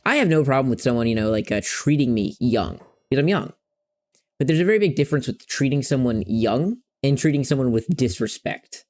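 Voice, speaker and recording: A man's voice: medium pitch, expressive, brisk, a little mellow. A young man in his twenties chatting casually and frankly while playing a game, rambling and swearing freely. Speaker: streamer. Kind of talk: casual gameplay chat.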